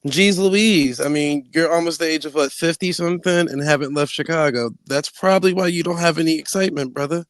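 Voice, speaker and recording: A man chatting on a live online panel from home, brash and animated, laughing often and swearing freely. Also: fairly high pitch, brisk, few pauses, no echo. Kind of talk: casual trash-talking chat.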